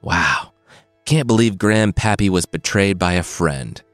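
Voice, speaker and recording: A man's voice: sits low, lively intonation, unhurried, a bit bright, no echo, faint music behind. A man voicing an earnest, puzzled young Viking prince.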